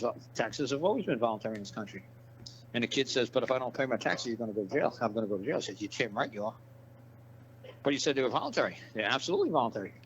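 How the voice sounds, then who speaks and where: A man's voice: mid-range voice, fairly bright tone. A blunt man talking in a rambling, profane way, pressing his points over and over. The audio is dull and lo-fi, with a faint hiss behind him. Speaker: interview guest. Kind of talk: casual interview talk.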